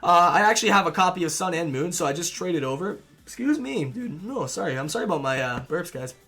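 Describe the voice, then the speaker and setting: Bright-voiced young man streamer. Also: fairly high pitch, expressive, quick pace, husky. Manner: laid-back, chatty, calls viewers dude and man. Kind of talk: casual live-stream chat reading viewer messages.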